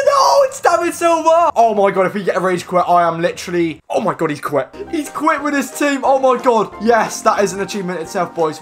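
A young man commentating his own football video game matches, excitable and swearing, often yelling at the players. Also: high voice. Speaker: gaming YouTuber. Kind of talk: live gameplay commentary.

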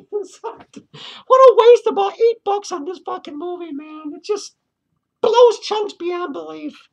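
A man's voice: extremely high pitch, gravelly. A man voicing a lonely woman clown who reviews movies and rants with profanity, laughing between lines. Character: foul-mouthed lonely woman clown, ranting film critic. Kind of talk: comic character movie review rant.

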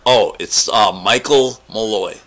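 Rambling deadpan man on a prank call. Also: lowish voice, slow. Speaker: comedy prank caller.

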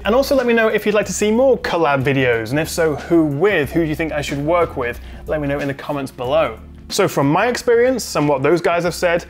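A British man hosting a tech review, briskly explaining laptop specs in scripted narration. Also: fairly high pitch. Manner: brisk, spec-heavy explaining.

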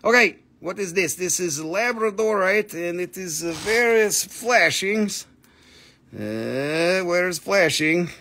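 A man's voice: high voice, expressive, slow pace, sharp tone. A man hosting a live stream where he sells minerals, with playful, jokey, auctioneer-like patter.

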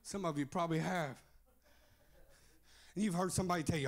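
A pastor preaching a fiery revival sermon in a church service, shouting and sing-song, punctuating phrases with "uh". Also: male voice, fairly high pitch, brisk.

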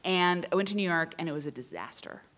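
A woman in her thirties telling a funny personal story live, chatty and self-deprecating with animated asides. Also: lowish voice, fast. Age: 30s. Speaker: writer and quilter performing for students.

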